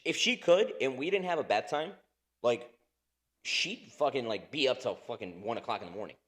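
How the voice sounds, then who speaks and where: A man's voice: medium pitch, a bit bright. A man in his thirties co-hosting a podcast in casual chat, rambling, swearing a lot and laughing often. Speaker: podcast co-host.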